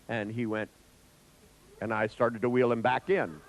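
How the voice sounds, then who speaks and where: A man telling an anecdote in a lecture, acting out the voices with big jumps in pitch, swearing now and then and laughing at his own tale. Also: quick pace, rough recording. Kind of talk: storytelling in a lecture.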